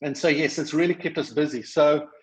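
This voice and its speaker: South African man, quick and halting. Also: a little high, fairly even intonation, low-quality recording. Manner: fast, hesitant, many fillers and restarts. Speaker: charity worker. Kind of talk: podcast interview.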